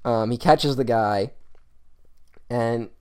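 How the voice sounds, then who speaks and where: A man of middle pitch talks loosely and eagerly on a film podcast. He rambles with fillers and restarts, swears freely, and slips into quick put-on voices to act out scenes. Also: darkish tone, smooth. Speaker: podcast co-host. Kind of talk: casual film podcast chat.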